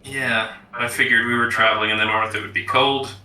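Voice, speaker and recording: Bright-voiced man on a distant, roomy mic. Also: mid-range voice, flat delivery, fairly quick. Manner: hesitant, thinking aloud. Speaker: player. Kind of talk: casual game chat.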